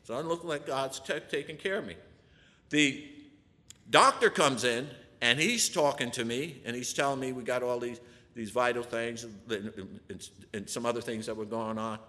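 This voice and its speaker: Animated man telling a testimony. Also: medium pitch, normal speed. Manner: animated, asks the audience rhetorical questions. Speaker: person giving a testimony. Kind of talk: church testimony storytelling. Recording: long reverb of a large hall.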